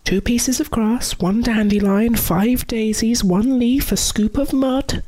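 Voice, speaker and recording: A woman plays an old grandmother reciting a list in a careful, deliberate way. Her voice is lifted well above the narrator's, high and a little thin. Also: fairly even intonation, mellow, no echo.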